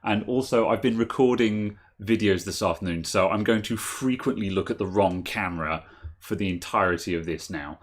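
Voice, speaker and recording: Host, male, low-ish voice; easygoing live-stream chatter, laughs a lot, thinks out loud. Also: moderate pace. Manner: chatty, laughs often, thinks aloud with fillers. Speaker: podcast host. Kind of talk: casual live-stream chat.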